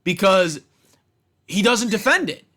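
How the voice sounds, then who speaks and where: High-voiced man on an angry profane rant. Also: expressive, unhurried, bright, forceful tone. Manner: heated, profane, repetitive. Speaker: wrestling commentator ranting on his channel.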